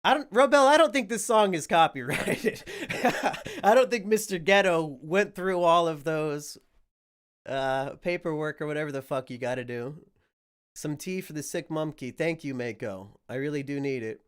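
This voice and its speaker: Man, fairly high voice, sick and rough-sounding, casual stream banter, crude and rambling. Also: normal speed. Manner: crude, rambling, swears freely. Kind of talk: casual livestream chat.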